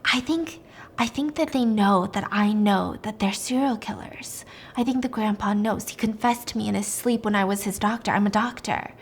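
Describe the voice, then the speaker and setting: A woman voicing a nervous male doctor who stammers and panics, firing off hurried pleas and orders. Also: mid-range voice, lightly acted. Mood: panicky. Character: frantic, nervous middle-aged male doctor.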